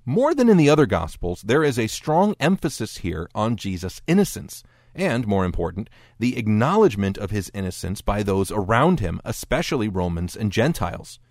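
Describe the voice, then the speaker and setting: A man's voice: on the low side, big pitch swings, moderate pace, darkish tone, no room sound. A man giving scripted narration as a lecturer, explaining texts in a dry, wry tone and voicing quoted speech briefly.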